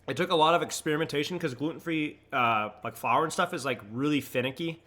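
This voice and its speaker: A young adult man streaming from home at a desk mic, breaking down match plays in quick analytical commentary, then chatting with viewers in a relaxed way. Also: a little high. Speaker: streamer and coach. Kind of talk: casual match analysis and chat. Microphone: desk microphone.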